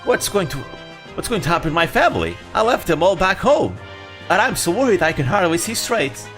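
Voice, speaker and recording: A man's voice: high voice, very animated, fairly quick, fairly bright tone, faint music behind, voice pushed up. A man doing a fretful young country woman. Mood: worried. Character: anxious young country woman, worried and timid.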